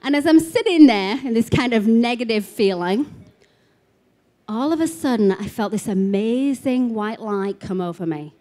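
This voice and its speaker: A woman's voice: a little high, lively intonation, normal speed, mellow. A woman speaking at an expo about spiritual healing, telling stories in a chatty way full of casual fillers. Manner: chatty storytelling, many "like" fillers. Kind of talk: live talk to an expo audience. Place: expo talk room.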